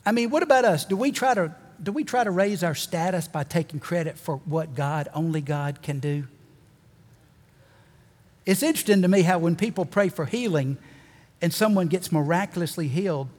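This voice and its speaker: A pastor delivers a folksy, animated sermon, slipping in jokes and hammering points home by repeating them. His voice sits a little high for a man, and long reverb from the church sanctuary trails after every phrase. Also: normal speed. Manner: folksy, animated preaching with joking asides and repeated emphasis.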